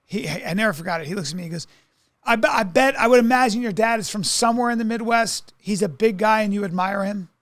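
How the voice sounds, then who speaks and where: A man's voice: high-pitched, quick pace, a bit bright, no room sound, studio quality. A man from New York co-hosting a podcast, telling a long story in a rambling way, full of restarts and acted-out quotes. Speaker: podcast co-host. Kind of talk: casual comedic chat.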